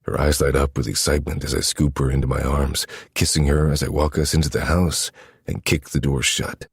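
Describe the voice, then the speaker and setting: A man narrating a first-person romance story in a low, intimate, steady manner. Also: a little fast, vocal fry, breathy edge, no room sound, studio quality. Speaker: audiobook narrator.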